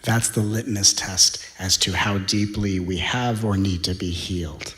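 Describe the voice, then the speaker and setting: A man giving a spiritual talk, speaking in slow, deliberate phrases and dropping to a hushed whisper for emphasis. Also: sits low, steady tone, reverberant. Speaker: spiritual teacher.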